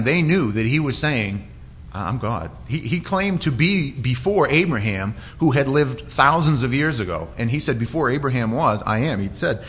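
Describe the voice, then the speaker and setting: A man delivering a sermon in a church in a conversational way, with frequent restarts and lively quoted voices. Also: mid-range voice. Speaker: pastor.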